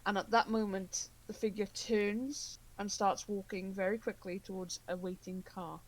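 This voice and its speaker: A woman's voice: medium pitch, flat delivery, normal speed, a little mellow, dry recording, low-quality recording. A woman narrating as game master of a tabletop horror game, rambling with many fillers.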